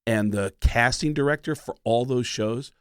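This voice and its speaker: A male comedian guest telling stories in a casual, animated way, slipping into voices as he goes. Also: medium pitch, moderate pace, clear, resonant tone, dry recording, studio quality. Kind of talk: casual storytelling.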